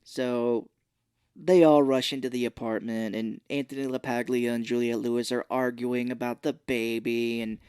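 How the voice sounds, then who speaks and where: A man's voice: medium pitch, level tone, normal speed, darkish tone, smooth, no room sound, studio quality. A man co-hosting a podcast, casually recapping a movie's plot and acting out the characters' lines. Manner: retells scenes, acting out quoted lines. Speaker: podcast co-host. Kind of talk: casual film recap chat.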